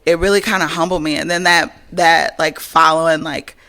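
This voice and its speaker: A woman co-hosting a podcast, telling stories in a casual, expressive way and swearing freely. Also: low voice, normal speed, gravelly. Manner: animated, expressive storyteller who swears casually. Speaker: podcast co-host. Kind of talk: casual storytelling chat.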